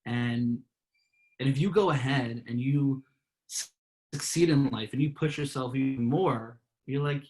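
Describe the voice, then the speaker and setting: Man of middle pitch, earnest guest telling his story, many restarts. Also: a little slow, a little mellow, poor audio. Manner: repeats words and restarts often, heartfelt. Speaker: guest, part-time professional clown.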